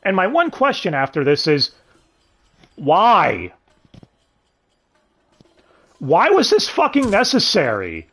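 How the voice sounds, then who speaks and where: A man's voice: sits high, huge pitch swings, slow, long pauses, a bit bright. A man reviewing a dub in casual commentary, sarcastic and swearing, with sighs and questions to his listeners. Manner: sarcastic, swears often, sighs and asks the audience.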